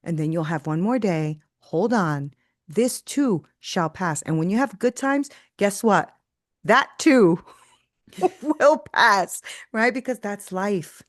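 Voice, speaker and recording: A woman who is a faith coach tells stories as a podcast guest in an emphatic, preachy manner, slow-paced and animated. She keeps tacking on "right?" and performs quoted voices with big pitch jumps, recorded dry with clean studio sound.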